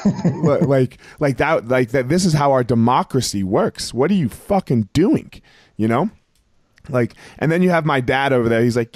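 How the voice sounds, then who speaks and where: A man's voice: mid-range voice, lively intonation, moderate pace, darkish tone, no echo, clean studio sound. A man in his forties, a podcast guest talking in a rambling, casual way, full of fillers and profanity.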